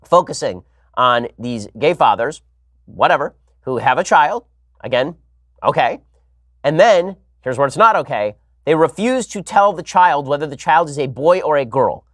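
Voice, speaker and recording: A man talking quickly and sardonically as a talk show host, voice pitched a little high for a man. The sound is close and dry, with no room echo. He piles up arguments and throws in mocking asides. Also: animated. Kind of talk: fast opinionated monologue with sarcasm.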